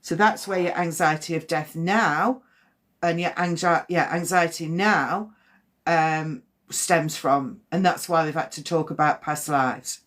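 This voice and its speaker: A woman giving a live spirit reading as a medium, talking in a halting, gentle and reassuring way with frequent repeats. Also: deep voice.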